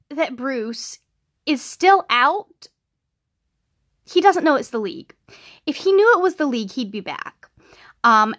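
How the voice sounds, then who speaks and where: A woman talking casually in a reading vlog, chatty and animated, with frequent ums and restarts. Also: a little high. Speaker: book vlogger.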